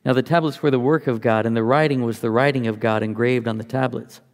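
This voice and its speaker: A man's voice: mid-range voice, fairly even intonation, quick pace, big-room sound. A man teaching from the Bible, reading passages aloud and explaining them in a conversational, think-aloud way.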